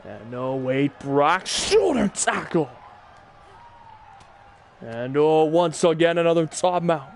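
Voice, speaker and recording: A man doing excitable play-by-play commentary on a wrestling video game, often breaking into shouted exclamations. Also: on the high side, takes it slowly, pauses often, slight background noise. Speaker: gaming channel host.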